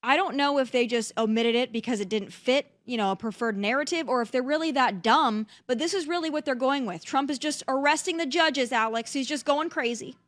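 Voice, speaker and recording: A woman's voice: sits high, brisk, few pauses, no room sound. A young woman hosting political commentary, talking in an indignant, incredulous way. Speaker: host.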